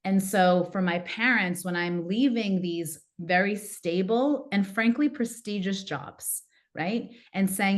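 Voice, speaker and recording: A woman, a coach and podcast guest, telling a personal story in a lively way and acting out what her family said. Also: lowish voice, normal speed. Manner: animated, acts out quoted family members. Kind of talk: casual interview storytelling.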